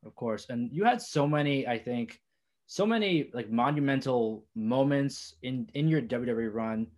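Young male podcast host, mid-range voice, casual and halting. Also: mid-range voice, animated, darkish tone. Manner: rambling, hesitant questions with many fillers. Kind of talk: casual interview questions.

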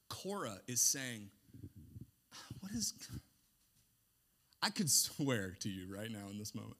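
A man preaching a sermon, animated and sarcastic, swinging between hushed asides and shouted points. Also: medium pitch, a little slow, long pauses.

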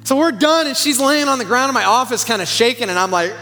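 High bright guy preaching, chatty and stumbly, big church echo, faint music under it. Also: quick pace. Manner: animated, conversational, stammering restarts. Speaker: pastor. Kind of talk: sermon storytelling. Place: church sanctuary. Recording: long hall reverb, faint music.

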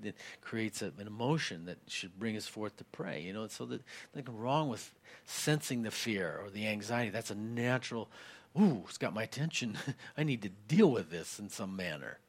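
A man preaching a sermon in a conversational way, with many fillers, growing more forceful when he reads scripture aloud. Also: on the low side. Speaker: pastor.

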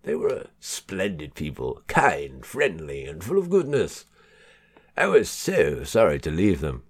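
A man's voice: deep voice, wildly swooping pitch, unhurried, breathy edge, full character voice. A man voicing a posh, cheerful townsman in a storybook reading, with a plummy, gushing delivery. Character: posh, cheerful townsman fondly recalling old neighbours.

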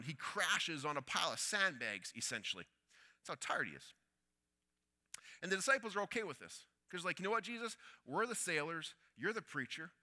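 Man, preacher, sermon storytelling, sharp bright tone, urgent then hushed delivery. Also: fairly high pitch. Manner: storytelling, swings between loud urgency and hushed quiet.

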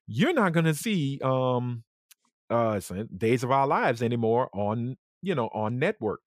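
A podcast host chatting casually, an animated storyteller who acts out quotes and laughs often. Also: mid-range voice, moderate pace, dry recording, studio quality. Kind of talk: casual chat.

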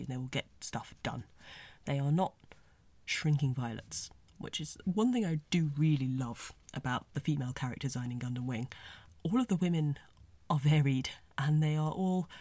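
A woman's voice: sits low, a little mellow, no echo. A woman talking through an anime episode in a chatty, analytical way, stopping to explain Japanese words. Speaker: anime reviewer. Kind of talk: casual spoken review.

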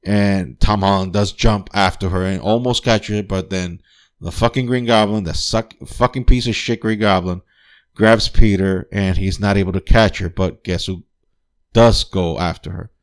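A podcast host with a low, steady voice at normal speed reviews a film in a casual, profane chat. He's enthusiastic and laughs often, with plenty of fillers and restarts.

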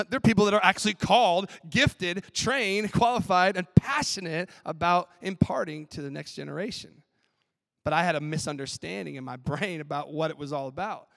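A man who is a professor preaching a chapel sermon in an animated, playful way. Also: on the high side, vocal fry. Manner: animated, playful, acts out skits with laughs. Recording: long hall reverb.

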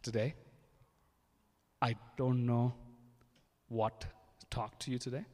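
In a slow, mellow, steady voice of medium pitch, a pastor gives a sermon built on testimony, speaking emphatically and performing the dialogue he quotes. The echoey hall leaves a long reverb.

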